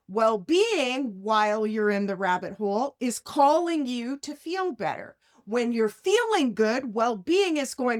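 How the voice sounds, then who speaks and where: Woman life coach co-hosting a podcast, animated and chatty, slightly high voice, keeps checking in with "right?". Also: measured pace, few pauses. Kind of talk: casual podcast conversation.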